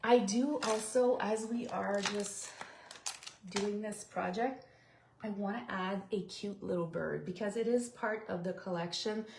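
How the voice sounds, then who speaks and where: A woman's voice: mid-range voice, measured pace, creaky, darkish tone, roomy sound. A woman talks viewers through a card-making project on a live stream, explaining each step as she works and chatting between them. Her voice sits in a middle range. The audio is a noisy livestream recording with clicks behind it. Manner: chatty, explains steps while working, reads viewer comments. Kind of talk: live craft tutorial.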